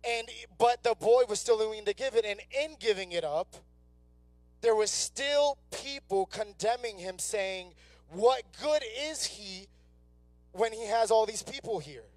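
High-voiced young male preacher. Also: lively intonation, measured pace, a little mellow, no echo, soft background music. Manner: conversational preaching, acts out inner voices. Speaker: youth pastor. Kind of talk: sermon. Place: church sanctuary.

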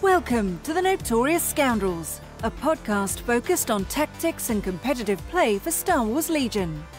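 Lively woman announcing a podcast intro. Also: a little high, normal speed, faint music behind. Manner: lively, polished. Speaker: show announcer.

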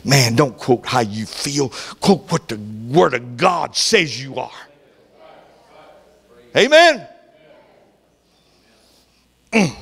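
High-pitched preaching man in a big hall. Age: older. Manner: swings from loud preaching to soft whispers. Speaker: pastor. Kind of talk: sermon.

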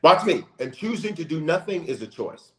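Low-voiced preaching bishop, very animated delivery, roomy echo. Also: male voice, fairly quick. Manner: impassioned, rising to shouted emphasis. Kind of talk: preaching in a church talk show.

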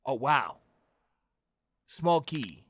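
A young man giving profane, slangy commentary on a horror game, yelling and cursing at jump scares. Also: medium pitch, big pitch swings, extremely slow. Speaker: gaming YouTuber. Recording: faint background noise.

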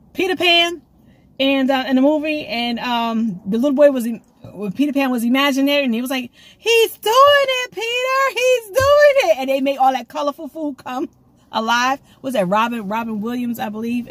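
Excitable breathy woman preaching to camera. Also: fairly high pitch. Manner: excitable, rambling, talks straight to viewers. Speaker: prophetic encourager on her own channel. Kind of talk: casual prophetic video message. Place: at home. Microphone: camera she sets up herself.

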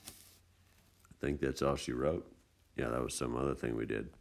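Very deep gravelly male math teacher. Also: measured pace. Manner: relaxed, chatty explaining with folksy asides. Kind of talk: casual screencast math lesson. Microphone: tablet screencast mic.

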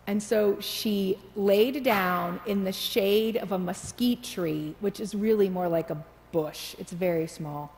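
Gravelly-voiced woman preaching in a church. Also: mid-range voice, slow, hardly any pauses, a little mellow. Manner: storytelling preacher, builds to prayer. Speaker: pastor. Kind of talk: sermon. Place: church sanctuary. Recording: reverberant church sanctuary.

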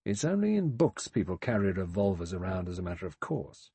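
A man voicing a blunt, suspicious middle-aged male ex-inspector who talks gruffly and colloquially. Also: deep voice, big pitch swings, brisk, dark tone, no room sound, heavily acted.

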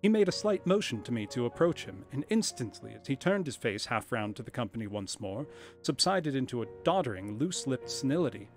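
A man reading a classic story aloud on a live stream, in a measured, expressive narrating voice. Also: mid-range voice, soft background music.

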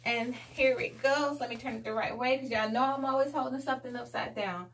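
A woman's voice: fairly high pitch, brisk, fairly bright tone, a little hiss or hum. A woman, chatting casually to viewers in a laid-back home haul vlog. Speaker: vlogger.

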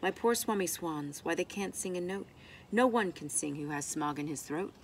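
A woman's voice: on the low side, expressive, moderate pace, slight background noise. A woman reading aloud voices a cross little male forest creature who scolds in a snappish way. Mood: scolding.

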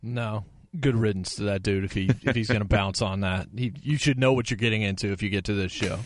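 A man's voice: fairly low pitch, steady tone, a little fast, no echo. A man on a sports radio staff trading easygoing banter with the host. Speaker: show staff.

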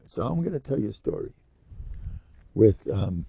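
A man's voice: fairly low pitch, very animated, moderate pace, gravelly, dark tone, breathy edge, no echo. An older man, a rabbi giving an informal lecture, telling stories animatedly with rambling asides and Yiddish words sprinkled in.

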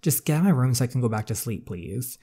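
A bitter, defiant teenage girl snaps at her family in a story game, as a man reads her part aloud. Her voice is mellow and dark under the lifted pitch, sharp and exasperated. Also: animated, quick pace, slightly rough. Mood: irritated.

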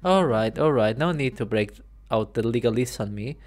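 A man voicing a grumpy male prison guard bird, gruff and dismissive. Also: medium pitch, expressive, normal speed, faint music behind, natural voice.

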